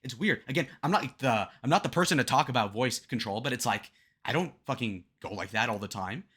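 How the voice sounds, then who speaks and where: A man's voice: mid-range voice, expressive, brisk, fairly bright tone, slightly rough. A young man hosting a reaction commentary on political debate clips, profane and mocking as he rants.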